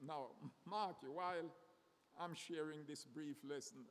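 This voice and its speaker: A man preaching a sermon slowly and deliberately, often repeating words as he searches for the next one. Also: fairly high pitch, steady tone. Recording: long reverb of a hall.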